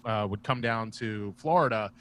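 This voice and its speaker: A man's voice: lowish voice, normal speed, fairly bright tone, a little hiss or hum. A man guest, a comedian and former wrestler, telling rambling, profane stories casually over a video call. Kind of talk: casual storytelling.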